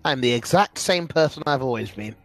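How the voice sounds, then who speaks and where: A young man streaming a game, loud, taunting and profane, bursting into shouts. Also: mid-range voice, expressive, a little fast, dry recording, faint music behind. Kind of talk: casual gaming banter.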